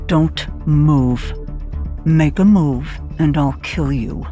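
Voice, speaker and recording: A woman voicing a hard, cold female kidnapper in an audiobook, speaking in low, menacing threats. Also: extremely slow, dark tone, faint music behind.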